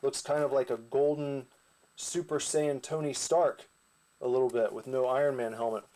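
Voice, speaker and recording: Man at mid pitch, loose conversational recap, rambling asides. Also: fairly even intonation, normal speed, warm tone. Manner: rambling, casual, with fillers and asides. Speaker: comic creator. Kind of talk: casual comic recap narration.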